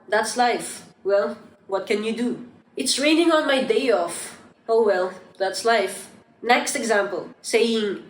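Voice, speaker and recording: English teacher woman, roomy and distant. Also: medium pitch. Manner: clear, demonstrates example phrases. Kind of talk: scripted lesson narration. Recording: roomy echo, voice off-mic.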